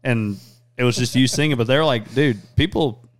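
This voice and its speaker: A man's voice: mid-range voice, dry recording. Crude joking man hosting a podcast. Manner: crude, joking, fast rambling. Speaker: podcast host. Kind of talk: casual chat.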